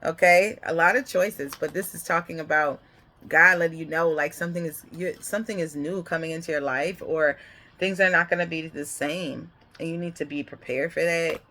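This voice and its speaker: A woman gives a casual spiritual reading in a bright, forward voice. She rambles from one thought to the next and often checks in with the listener. She laughs often. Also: low-pitched, fairly even intonation, normal speed. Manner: rambling, keeps checking in with "okay?". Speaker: spiritual card reader.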